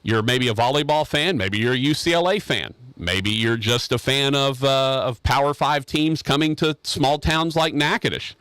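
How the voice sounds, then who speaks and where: A man's voice: medium pitch, moderate pace, few pauses, fairly bright tone, clean tone, no room sound. Rambling, joking male radio host. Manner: rambling, joking, repeats himself. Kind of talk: casual radio show chat. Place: radio studio.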